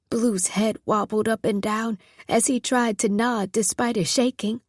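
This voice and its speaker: A woman reading a novel aloud in steady, measured narration. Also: a little high, no room sound, studio quality. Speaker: audiobook narrator. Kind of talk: scripted narration.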